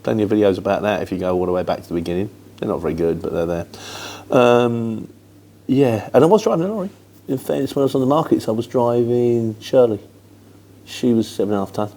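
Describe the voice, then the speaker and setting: In a lowish, mellow voice, a middle-aged Englishman chats animatedly and at a quick pace while fielding viewer questions. He rambles in a matter-of-fact way, and his Luton accent has a London influence.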